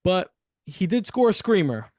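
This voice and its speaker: A man's voice: high voice, sing-song, normal speed, darkish tone, no room sound, studio quality. A man co-hosting a football podcast, laid-back and ribbing his co-host. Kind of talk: casual football chat.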